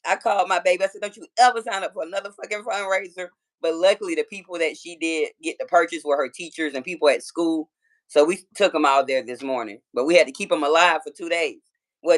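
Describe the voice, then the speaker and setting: A woman in her thirties from Georgia with a Southern accent, chatting casually and profanely with viewers on a phone livestream. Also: sits low. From Georgia, USA. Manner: chatty, profane, talks straight to her chat. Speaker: livestream host.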